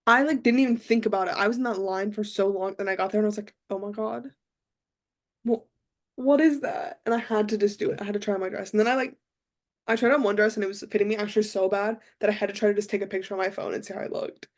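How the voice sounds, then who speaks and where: A young woman co-hosting a podcast, talking in a rambling, deadpan way with lots of fillers. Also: medium pitch, very fast. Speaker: podcast co-host. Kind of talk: casual chat.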